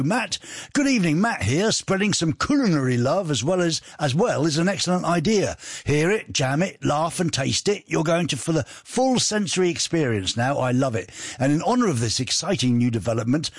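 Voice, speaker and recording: A man's voice: mid-range voice, no echo, studio quality. A man hosting a radio show in a chatty, rambling, jokey way, reading out listener messages. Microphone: studio microphone.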